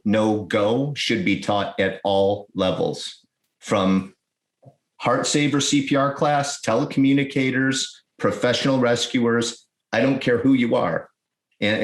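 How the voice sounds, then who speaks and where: A man, an emergency-services chief, explaining things as a guest in a podcast interview, speaking in quick bursts with restarts. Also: medium pitch. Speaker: guest, EMS fire chief. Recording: roomy echo.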